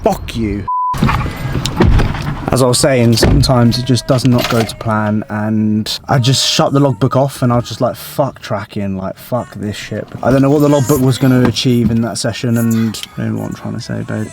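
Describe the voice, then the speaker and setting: A man's voice: mid-range voice, steady tone, normal speed, vocal fry. A young man, a bodybuilding vlogger, venting to camera outside a gym with heavy swearing. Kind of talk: casual vlog talk to camera.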